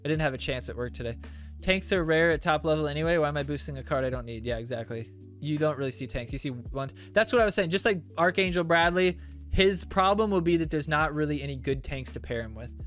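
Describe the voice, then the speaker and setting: A man's voice: on the high side, quick pace, fairly bright tone, soft background music. Male streamer host reading chat. Casual, swears often, jokes around. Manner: loose, profane, joking.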